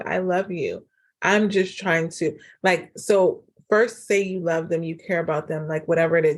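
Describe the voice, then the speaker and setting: A woman talks through a casual solo podcast episode, giving relationship advice in a chatty, animated way. Her voice sits a little low for a woman, and she fills her sentences with "like" and "um.". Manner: chatty and animated, acts out quoted dialogue; frequent fillers like "like" and "um". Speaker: podcast host and relationship coach.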